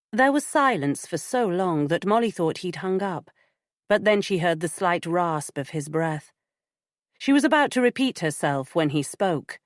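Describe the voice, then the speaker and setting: A woman narrating an audiobook in a measured, even storytelling manner. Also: low voice, no room sound, studio quality. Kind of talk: scripted narration.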